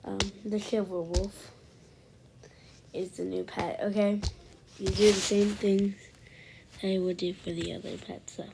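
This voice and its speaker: A woman chatting casually over gameplay on her own microphone, rambling and dropping into soft asides, with a high, pitchy voice. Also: little pitch movement, a little slow, gravelly, pauses often. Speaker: gaming channel host. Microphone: own desk microphone. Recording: noisy home recording with hiss and clicks.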